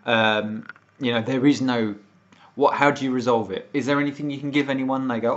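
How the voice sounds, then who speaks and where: British man, livestream rant, swearing, heated, mid pitch, muffled lo-fi sound. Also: steady tone, a little fast. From United Kingdom. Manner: ranting, swearing, more worked up as he goes. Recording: dull lo-fi stream audio.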